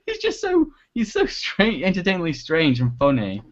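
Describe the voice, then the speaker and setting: A man hosting a casual livestream Q&A as an internet reviewer, chatty and quick to laugh, often trailing off and restarting. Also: sits high, wildly swooping pitch. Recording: dull lo-fi livestream audio.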